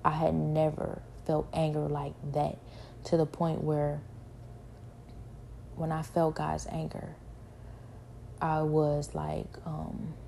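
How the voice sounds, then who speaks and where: A woman giving a spoken personal testimony, halting and repetitive, with many fillers. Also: deep voice, monotone, gravelly, dark tone, a little hiss or hum.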